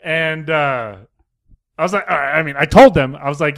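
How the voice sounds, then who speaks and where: A man with a high, bright, keen voice tells a meandering story. He talks casually and keeps circling back with fillers and false starts while co-hosting a podcast. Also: moderate pace. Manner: rambling, full of fillers and restarts. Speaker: podcast co-host.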